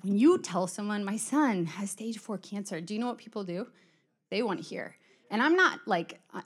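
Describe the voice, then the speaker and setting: A middle-aged woman giving a conversational sermon, chatty and storytelling, acting out quoted exchanges. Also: medium pitch. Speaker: church speaker.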